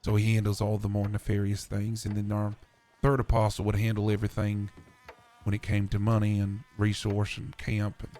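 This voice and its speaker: Man, low mellow voice, measured roleplay preacher. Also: monotone. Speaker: roleplayer voicing a preacher character. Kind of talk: in-character roleplay chat.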